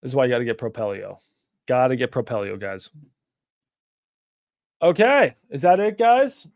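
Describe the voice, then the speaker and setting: A man's voice: mid-range voice, sing-song, moderate pace, a little mellow. A young man hosting a casual livestream, talking bluntly and animatedly, with frequent swearing. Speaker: livestream host.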